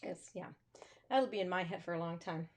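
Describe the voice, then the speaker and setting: A woman's voice: lowish voice, a little fast. A woman music teacher hosting a live stream, chatting casually with self-amused asides. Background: guitar music.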